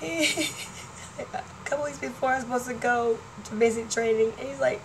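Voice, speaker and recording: A woman's voice: fairly high pitch, moderate pace, noisy background. Rambling, laughing woman in her forties. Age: 40s. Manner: chatty, laughing, jumps between topics. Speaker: vlogger. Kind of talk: rambling casual chat to fans.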